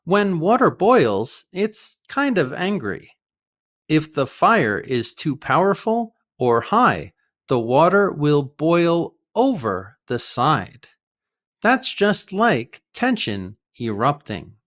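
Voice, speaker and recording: A man teaching an English idiom lesson, explaining each phrase slowly and carefully with example sentences. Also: on the high side, very animated, fairly bright tone.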